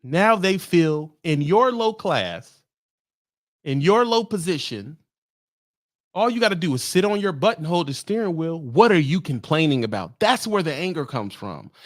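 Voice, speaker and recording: A man's voice: on the high side, animated, normal speed, no room sound, clean studio sound. A man ranting in a vlog, a truck driver speaking in a profane, heated, sarcastic way. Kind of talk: ranting monologue.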